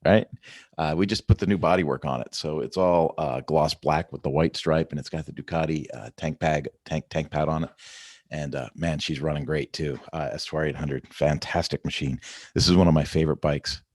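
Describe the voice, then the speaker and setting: A man's voice: rumbling low, fairly even intonation, a little fast, a little mellow, dry recording, studio quality. A middle-aged man hosting a casual morning check-in vlog, talking in an upbeat, rambling way with lots of "right?" and "you know.". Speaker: vlog host.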